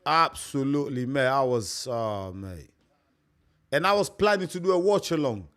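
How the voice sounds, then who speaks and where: A man's voice: medium pitch, lively intonation, normal speed, fairly bright tone, smooth. A young man hosting a live stream, chatting casually and repeating himself, calling his listeners mate. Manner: chatty, repetitive, peppers talk with "mate".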